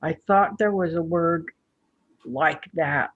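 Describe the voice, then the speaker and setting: A husky, breathy voice of a student in a class discussion, thoughtful and searching for words. The recording is dull and dry, as if over a muffled line with no room around it. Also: mid-range voice, takes it slowly, no echo.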